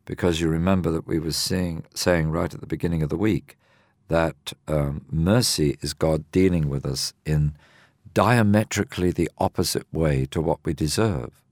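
A man, older, explaining a Bible parable in a measured, teaching way on a discussion program. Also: rumbling low, a little mellow, no echo, studio quality. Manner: measured, explanatory, reads scripture aloud.

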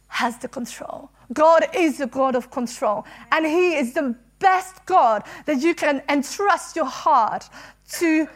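Very high-voiced woman preaching earnestly. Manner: earnest and emotional, laughing between phrases. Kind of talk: sermon.

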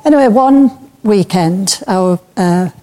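A woman's voice: mid-range voice, lively intonation, slow pace, warm tone. A woman giving an informal, anecdotal talk to a church group. She speaks in a chatty way, with plenty of fillers and light laughter. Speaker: speaker at a church breakout session.

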